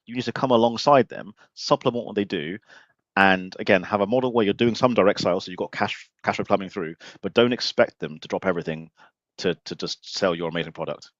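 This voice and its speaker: Man, podcast host, rapid, emphatic, slightly muffled dry recording. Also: low voice, dry recording. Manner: blunt, joking and emphatic, with mild swearing. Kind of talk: casual live-stream interview.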